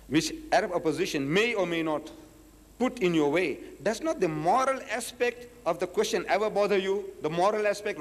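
A man delivers a lecture in a slightly high, very lively voice. He reads passages from a book and drives his argument home with emphatic rhetorical questions. His voice carries a long echo, as in a large lecture hall. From South Africa. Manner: emphatic, rhetorical questions, acts out quoted speakers. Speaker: Islamic lecturer. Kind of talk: public lecture, reading quotes from a book.

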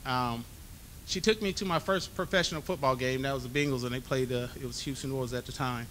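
Guy giving his hall of fame speech, bright ringing voice, faint rumble behind. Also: fairly quick. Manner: animated storyteller acting out dialogue. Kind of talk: storytelling acceptance speech. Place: banquet hall.

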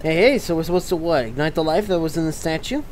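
A gamer voicing a brash, excitable crab creature that keeps repeating "hey, hey.". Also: mid-range voice, fast talker, a little hiss or hum, lightly acted. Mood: excited.

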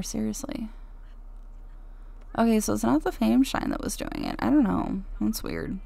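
A young adult woman hosting a life-sim Let's Play, chatting excitably and giggling as she plays. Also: fairly high pitch, measured pace, vocal fry. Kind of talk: game commentary.

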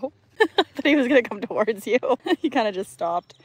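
A woman guest on an outdoor live stream by a lake, chatting in a relaxed way and laughing easily. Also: fairly high pitch, fairly quick, breathy edge, no echo. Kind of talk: casual live-stream chat.

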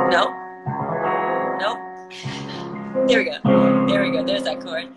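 A woman's voice: on the low side, slow pace, long pauses, loud music behind the voice, low-quality recording. A woman, a singer hosting her own livestream, chatting casually and playfully between songs, swearing and laughing easily.

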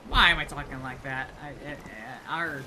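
A man hosting a let's play gaming video, commenting with excitable, jumpy reactions and exclamations. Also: a little high, normal speed, noisy background.

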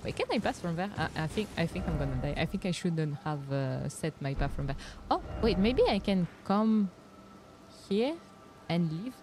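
Over a noisy background, a young Frenchwoman streaming a video game chats casually with viewers, animated and giggling as she reacts aloud. Her voice is lowish and her pace normal.

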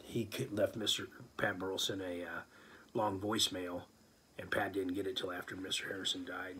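A man casually telling a story aloud, animated, with many fillers, and he acts out what people said. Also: deep voice, normal speed, a little hiss or hum. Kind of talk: casual spoken anecdote.

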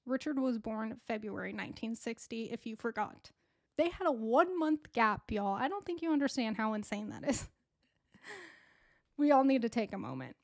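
A woman's voice: a little high, sing-song, moderate pace, no echo, studio quality. A woman hosting a true crime podcast, narrating in a chatty, casual way with asides to her listeners. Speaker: podcast host.

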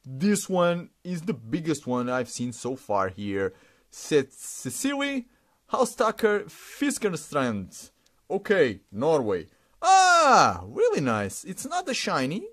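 Man narrating a sticker unboxing. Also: medium pitch. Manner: halting, repeats words, stumbles over names, chuckles. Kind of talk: casual unboxing commentary.

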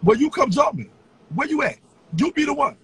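A man ranting on a livestream in a taunting, profane way, with sing-song chants and bursts of shouting. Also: very high-pitched, very animated, fairly quick, low-quality recording. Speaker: social media personality.

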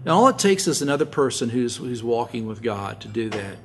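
A male pastor preaching a sermon in an earnest way, often repeating words as he restarts and sometimes dropping to a soft hush. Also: medium pitch, sing-song, fairly quick, a little hiss or hum. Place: church sanctuary.

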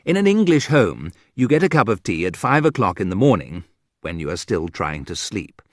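A man's voice: fairly low pitch, big pitch swings, normal speed, dry recording. A man reading a humorous essay aloud with a dry, ironic delivery. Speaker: narrator.

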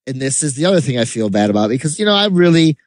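Rambling, animated man co-hosting a chat show. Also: medium pitch, fast, no echo. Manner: rambling, animated storytelling with laughs. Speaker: podcast co-host. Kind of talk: casual chat.

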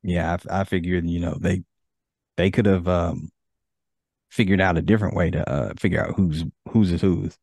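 A man's voice: deep voice, steady tone, normal speed, a little mellow, no room sound, clean studio sound. A man hosting a podcast in casual chat, easygoing and reading from an article. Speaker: podcast host.

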